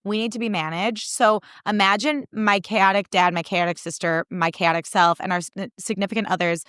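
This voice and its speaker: Chatty young woman podcast host, smooth voice. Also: mid-range voice, steady tone, a little fast, a bit bright, no room sound, clean studio sound. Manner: chatty, exasperated, acts out quoted people in funny voices; heavy use of "like" as filler. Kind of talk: casual storytelling monologue.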